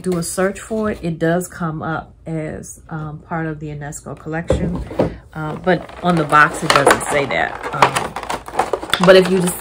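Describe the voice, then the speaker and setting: Middle-aged woman, unhurried delivery, for a gushing casual unboxing chat with faint hiss behind. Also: lowish voice. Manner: gushing, excitable, repeats her delight. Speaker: collector YouTuber.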